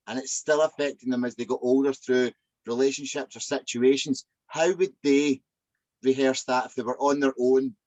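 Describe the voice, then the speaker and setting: A man's voice: medium pitch, no room sound, dull audio. Podcast cohost guy asking long loose questions, medium voice, dry mic. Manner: conversational, asks long rambling questions. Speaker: co-host. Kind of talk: casual podcast chat.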